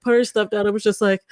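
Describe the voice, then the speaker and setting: A woman's voice: medium pitch, smooth, no room sound, clean studio sound. A woman co-hosting a podcast, telling a story in casual chat, acting out quotes and laughing as she goes. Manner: animated, acts out quotes with laughter. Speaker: podcast co-host.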